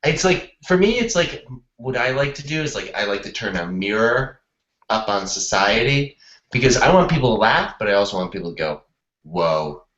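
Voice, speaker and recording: A man plays a smug, eager improv student whose voice swings lively up and down as he explains his jokes. The sound is roomy, dull and lo-fi. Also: on the low side, moderate pace. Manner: smug, self-satisfied, explains jokes earnestly. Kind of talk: comedy sketch acting. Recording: echoey lo-fi recording.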